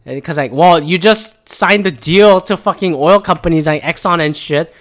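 A man's voice: a little high, normal speed, a bit bright. A man in his thirties who works in tech, ranting in a casual, profane and rambling monologue that keeps drifting off on tangents. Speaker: tech worker ranting on current events.

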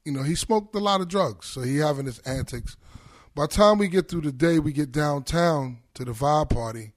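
A middle-aged man from Brooklyn, appearing as a podcast guest, tells a long, profane story in casual chat with a New York accent. His voice is fairly high and moves at a moderate pace, and he is animated, acting out his friends' lines as he quotes them.

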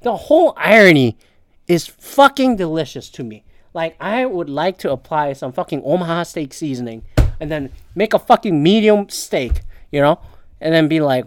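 A man's voice: on the high side, animated, normal speed, no room sound, clean studio sound. A man hosting a solo podcast, ranting in casual chat with a profane, sarcastic manner. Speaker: podcast host.

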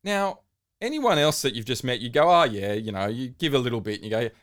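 A man chatting on a sports podcast, his voice sitting in an ordinary middle register. He retells stories with growing energy, getting louder and more worked up as he goes. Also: medium pitch, brisk. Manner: animated storytelling, gets loud and excited retelling. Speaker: podcast co-host. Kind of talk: casual sports chat.

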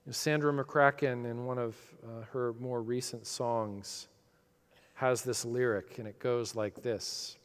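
A middle-aged man preaching a sermon, earnest and reflective, his voice swelling with feeling and then dropping soft. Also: medium pitch, fairly even intonation, measured pace, in a large hall. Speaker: pastor.

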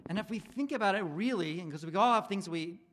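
Animated, high-pitched male preacher. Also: fast, slight background noise. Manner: casual, rambling preaching with many restarts and fillers; acts out dialogue in animated voices. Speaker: pastor. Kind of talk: sermon.

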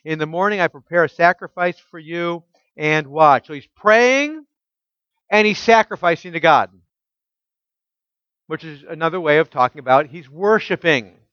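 A man preaching a sermon as pastor, emphatic and full of rhetorical questions, dropping soft and low when quoting scripture. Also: lively intonation, normal speed, no room sound, dull audio.

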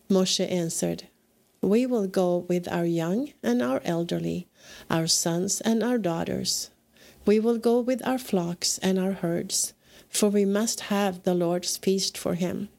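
A woman reading scripture aloud in a measured, deliberate way as a podcast host. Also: medium pitch, gravelly, darkish tone. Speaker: scripture reader.

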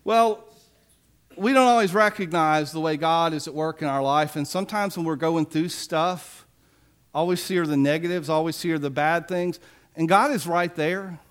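A man's voice: fairly high pitch, normal speed. A man in his forties preaching a sermon, telling stories in a conversational way with self-deprecating humor. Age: 40s. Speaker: pastor.

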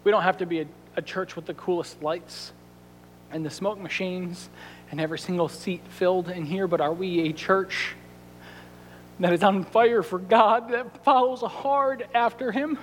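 Animated high-voiced male pastor preaching. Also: normal speed, a little hiss or hum. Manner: animated storytelling with quoted asides. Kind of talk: sermon. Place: church sanctuary. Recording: reverberant church sanctuary.

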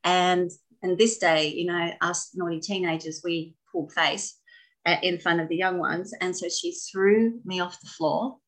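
A woman telling stories about her ballet training in a casual interview, animated and laughing often. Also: lowish voice, unhurried, poor audio. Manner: animated, laughing, expressive storyteller. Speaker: guest, former ballet dancer.

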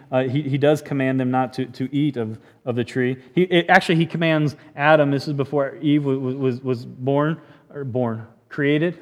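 A man preaching a sermon in a church, animated and joking, often restarting his sentences. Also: medium pitch. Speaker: pastor.

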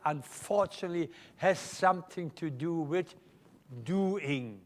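Slow emphatic German-accented older pastor. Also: male voice, on the high side. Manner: emphatic, questioning the congregation. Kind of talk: live sermon. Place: church.

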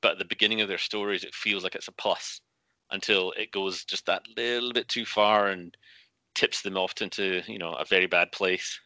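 A man talking as the guest author in a casual interview, animated and restarting often as he acts out quotes. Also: low voice, moderate pace, dry recording.

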